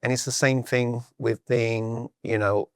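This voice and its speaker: A man's voice: mid-range voice, a little slow, gravelly, smooth, no echo, clean studio sound. A middle-aged British man with a British accent, a sales coach who talks as a podcast guest and acts out the conversations he recalls. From Britain. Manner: animated storyteller who acts out quoted exchanges.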